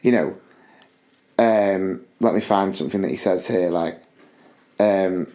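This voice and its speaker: A podcast co-host chats casually and tells stories, animatedly acting out the people he quotes. His voice is low and his pace a little slow.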